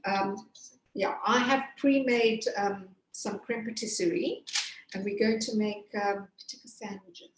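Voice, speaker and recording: A woman's voice: mid-range voice, fairly even intonation, measured pace, a little hiss or hum. A woman pastry chef from Zimbabwe giving a chatty step-by-step cooking demonstration with plenty of fillers. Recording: echoey room.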